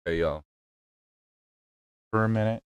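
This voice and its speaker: A man hosting a livestream, casually reacting to clips with a slow, lecturing manner. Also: on the low side, clean tone, no room sound. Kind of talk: casual reaction stream chat.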